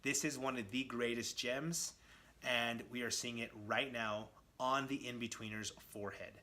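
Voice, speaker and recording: Bright, eager man retelling comics. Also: medium pitch, fairly even intonation, normal speed. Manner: enthusiastic, addresses viewers directly. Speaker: comic book vlogger. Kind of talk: casual comic book retelling.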